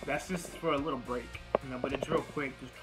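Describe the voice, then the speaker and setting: A young vlogger with a medium-pitched, steady voice talks fairly quickly through a long, rambling workout story, cursing freely and acting out the dialogue in quoted bursts. The low-quality recording has music playing clearly behind him.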